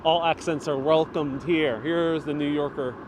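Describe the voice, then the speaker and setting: Man, live walking city tour, chatty with viewers, somewhat high-pitched, faint outdoor street noise, lapel mic. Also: fairly even intonation, unhurried. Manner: chatty, reads viewer comments aloud. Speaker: livestream city tour guide. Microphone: wireless lapel mic with phone on gimbal. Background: street ambience.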